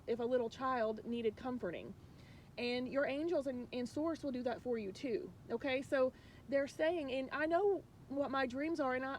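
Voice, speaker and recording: A woman's voice: on the high side, darkish tone, a little hiss or hum. A woman spiritual coach talking casually and earnestly to viewers, rambling with many restarts and sharing emotional, confiding thoughts.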